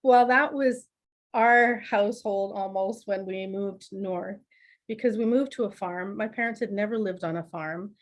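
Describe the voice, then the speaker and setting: A middle-aged woman, a podcast guest telling family stories in a lively, laughing, conversational way. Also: medium pitch, unhurried. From Canada. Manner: laughs often, animated anecdotes with acted quotes. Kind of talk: conversational storytelling.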